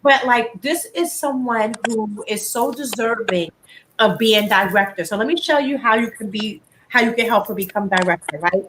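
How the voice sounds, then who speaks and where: Woman host of a home live stream, slightly high, animated and chatty, faint background noise. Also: normal speed, rough recording. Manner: chatty and animated, frequent "like" fillers. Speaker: host of a live beauty chat. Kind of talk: casual live-stream chat.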